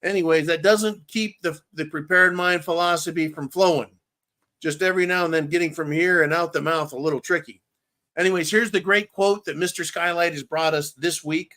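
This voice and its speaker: Man, live-stream host, fairly high voice, blunt, profane, ranting, a bit tongue-tied and tipsy. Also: fairly even intonation, a little fast, bright, forceful tone. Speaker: livestream host. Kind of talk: casual live-stream monologue.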